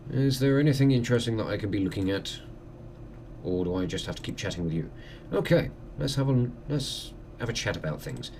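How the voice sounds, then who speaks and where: A man's voice: fairly low pitch, lively intonation, darkish tone, a little hiss or hum. Wry man commenting on a game. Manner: wry, joking, quick asides. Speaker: let's play host.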